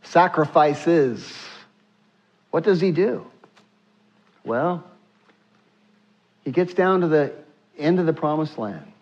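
A man preaching a sermon to his church, with frequent filler sounds and hushed acted-out prayers. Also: fairly high pitch, lively intonation, slow, long pauses, lo-fi sound. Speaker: pastor.

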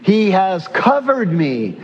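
A man's voice: sits high, big pitch swings, slow pace. A male pastor preaching a sermon with emphatic repetition and rhetorical questions, recorded in a church. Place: church sanctuary. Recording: muffled sound with long hall reverb.

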